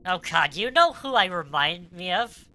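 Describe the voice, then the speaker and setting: A woman streaming a video game, casually reading its dialogue aloud and chatting, stumbling over words and breaking into loud excitement. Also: fairly low pitch, normal speed, poor audio.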